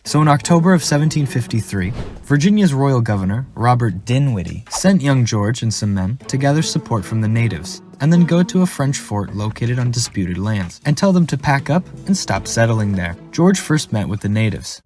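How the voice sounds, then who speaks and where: A young man narrating a comedic history cartoon with deadpan, playful delivery. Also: medium pitch, moderate pace, few pauses, soft background music. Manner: deadpan, jokey, playful voice shifts.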